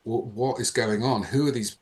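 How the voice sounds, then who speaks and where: A man, a podcast guest, telling a personal story in a lively, animated way. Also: mid-range voice, normal speed. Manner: animated, reenacts dialogue in changing voices. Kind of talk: casual storytelling.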